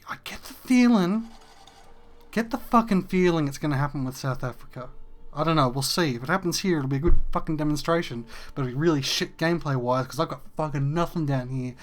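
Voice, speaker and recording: A man's voice: on the high side, a bit bright. A man, hosting a casual gameplay rant that is frustrated, profane and rambling. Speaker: gaming video host.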